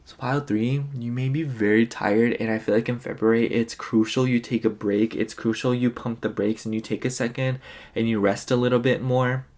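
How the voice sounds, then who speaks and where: A man's voice: mid-range voice, fairly even intonation, moderate pace, a little mellow. A tired man doing a casual pick-a-card tarot reading, rambling and filling his talk with "like" and "you know". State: tired, yawning. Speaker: tarot reader.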